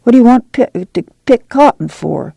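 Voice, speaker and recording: A man voicing a determined middle-aged farm mother, talking firmly and briskly. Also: very high voice, expressive, vocal fry, dark tone, breathy edge, dry recording, studio quality, pitched above the performer's own voice, exaggerated voice. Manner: firm, brisk, commanding.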